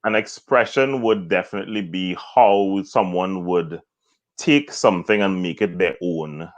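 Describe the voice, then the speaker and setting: A man's voice: sits low, unhurried, highs cut off. A man from Trinidad, a voice coach guest, explaining vocal ideas step by step in an interview. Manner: explanatory, demonstrates points with acted examples.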